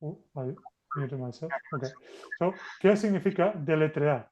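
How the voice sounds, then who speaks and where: Male teacher, mellow warm voice, slightly high, patient, online class. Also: expressive, moderate pace, lo-fi sound, a little hiss or hum. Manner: patient, coaxing, switches between two languages. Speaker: Spanish teacher. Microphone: video call.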